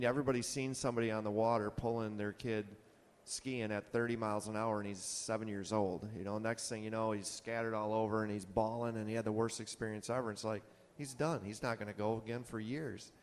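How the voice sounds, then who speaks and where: A man on a conference panel telling a rambling, casual anecdote about his boat store, acting out customers' lines. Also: on the low side. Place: conference hall. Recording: long hall reverb.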